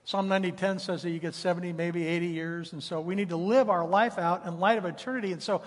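Pastor in his 50s, pretty high husky voice, chatty storytelling sermon, long church echo. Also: steady tone, fast talker. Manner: conversational preaching mixed with personal stories. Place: church sanctuary.

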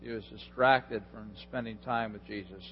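A man's voice: on the low side, fairly even intonation, normal speed. A male pastor giving a sermon in a conversational way, chuckling and asking the audience questions. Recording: dull lo-fi in a reverberant hall with hum.

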